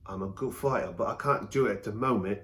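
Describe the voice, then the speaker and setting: A man co-hosting a casual movie review, speaking in a measured, thoughtful way with hesitant restarts. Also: lowish voice, fairly bright tone. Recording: echoey room.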